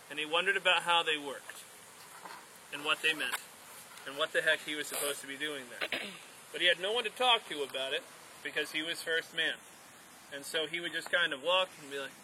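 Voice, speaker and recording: A man telling a story aloud to a group, playful and animated, speaking directly to his listeners. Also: a little high, slight background noise, low-quality recording. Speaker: storyteller and outdoor instructor.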